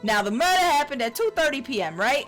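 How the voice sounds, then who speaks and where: A woman's voice: sits high, big pitch swings, fast, fairly bright tone, faint music behind. A woman voicing a chatty, rambling elderly female security guard who calls everyone "dearie" in a video game.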